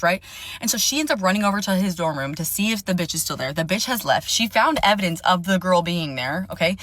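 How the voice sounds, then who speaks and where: Young woman, casual storyteller; animated, blunt, swears, voices the people in her story. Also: lowish voice. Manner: animated, swearing, acting out quoted dialogue.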